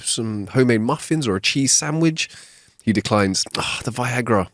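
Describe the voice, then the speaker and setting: Man, podcast co-host, reads jokes in character, lively intonation, dry sound. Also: mid-range voice, moderate pace, dry recording. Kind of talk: casual joke-telling chat. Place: home studio. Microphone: wireless clip-on mic.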